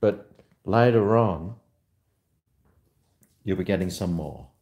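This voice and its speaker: A man chatting casually on a home vlog, talking to his dog in a high sing-song voice at times. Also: takes it slowly, darkish tone, reverberant. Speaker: vlogger. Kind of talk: casual chat to camera. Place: at home near a garage.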